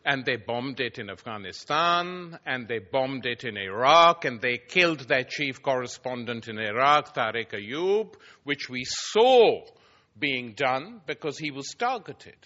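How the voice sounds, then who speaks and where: A man's voice: mid-range voice, expressive, unhurried, sharp tone, lo-fi sound. A man giving a public lecture before an audience, telling anecdotes with wry, dry irony.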